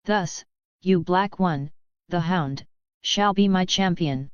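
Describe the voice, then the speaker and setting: A woman's voice: on the low side, slow, clear, resonant tone, no room sound. A woman voicing a solemn wolf spirit. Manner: grave, formal speech. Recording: dull lo-fi sound.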